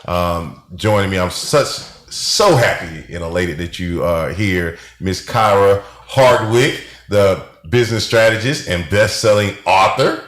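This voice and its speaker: A radio host opens his talk show with upbeat, chatty banter. His voice sits a little low, and the room adds a noticeable echo. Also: expressive, unhurried, hardly any pauses, fairly bright tone.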